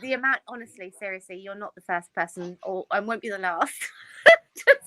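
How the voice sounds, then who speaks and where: A woman's voice: mid-range voice, normal speed, sharp tone, no echo. A woman chatting casually as a guest, laughing often between her lines. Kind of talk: casual chat.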